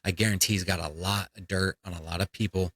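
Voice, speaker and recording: A man's voice: sits low, steady tone, fast, a bit bright, breathy edge, dry recording, low-quality recording. A man hosting a comedy podcast, ranting in a blunt, profane, fired-up way. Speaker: podcast host.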